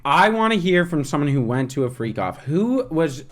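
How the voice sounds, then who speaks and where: A man co-hosting a podcast in casual chat, profane and animated when telling stories. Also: fairly high pitch, moderate pace. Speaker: podcast co-host.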